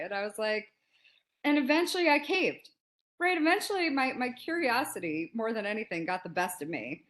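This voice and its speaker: A woman in her forties, a podcast guest telling a story in a lively, casual way and acting out quotes. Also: on the high side, moderate pace. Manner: animated, laughs often, acts out quotes.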